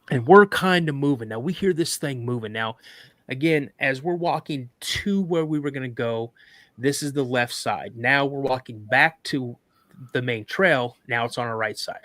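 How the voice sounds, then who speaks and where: A man guest on a podcast, casually telling a story in an animated way, acting out quoted dialogue and often restarting his sentences. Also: medium pitch, unhurried, dry recording.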